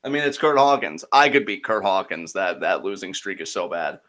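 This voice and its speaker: A man co-hosting a show in relaxed casual chat, often pausing with ums. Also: deep voice. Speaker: podcast co-host.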